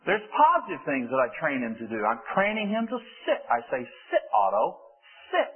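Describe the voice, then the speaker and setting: A man telling a story in a sermon to children, animated and acting it out. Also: sits high, a little fast, vocal fry. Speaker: preacher giving a children's talk. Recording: tinny phone-like sound.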